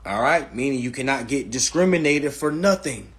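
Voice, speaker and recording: Male livestream host, husky, blunt and profane, lecture-style. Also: medium pitch, animated, moderate pace. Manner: blunt, profane and lecturing, repeats "all right". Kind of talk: casual livestream talk. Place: indoors, livestream.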